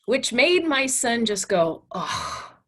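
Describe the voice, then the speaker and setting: A woman teacher telling a class story in an animated, blunt and candid way. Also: mid-range voice, measured pace. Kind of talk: storytelling lecture.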